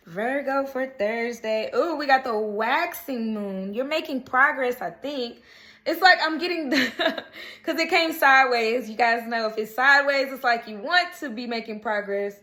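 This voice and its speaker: A woman's voice: fairly high pitch, a bit bright. Chatty woman reading tarot cards. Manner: chatty, repeats "okay?" to viewers; earnest, coaxing. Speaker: tarot card reader. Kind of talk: casual daily horoscope reading.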